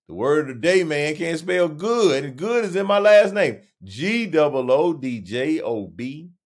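A man hosts a solo podcast. He muses slowly and pokes fun at himself, then swells into sudden emphatic encouragement. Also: fairly high pitch, very animated. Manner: musing, self-deprecating, joking asides; slow, drawn-out phrasing with sudden emphatic rises. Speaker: podcast host. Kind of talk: reflective solo monologue.

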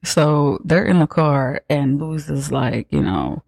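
Gravelly, profane man recapping a film. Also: on the high side, expressive, takes it slowly, darkish tone, dry recording. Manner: profane, sarcastic, slangy storytelling. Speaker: podcast host recapping a film. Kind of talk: casual movie recap.

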